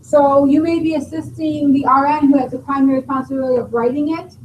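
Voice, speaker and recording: High-voiced woman lecturing nurses. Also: steady tone, quick pace, distant mic, dull audio. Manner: explanatory, quizzing students. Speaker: nursing instructor. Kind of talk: classroom lecture. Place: classroom. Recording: roomy classroom recording from afar, faint noise.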